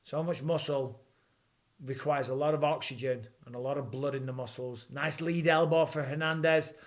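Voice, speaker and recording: A man, hosting a live fight watch-along and calling the action with rising excitement. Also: mid-range voice, moderate pace. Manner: excitable, rising for big moments. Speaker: host. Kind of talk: live fight commentary and chat.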